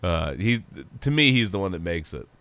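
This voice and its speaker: A man with a bright voice chats about sports, joking and laughing often. His pitch swings widely as he talks, and the close microphone sounds dry. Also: moderate pace, no room sound. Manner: laughs often, jokey, lively. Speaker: podcast co-host. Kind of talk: casual sports chat.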